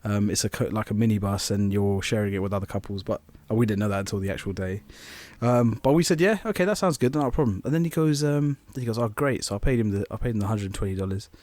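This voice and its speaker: Low-voiced man telling a story. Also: quick pace, hardly any pauses, darkish tone. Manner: rambling anecdote with quoted voices, laughs often. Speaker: podcast co-host. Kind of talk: casual storytelling chat.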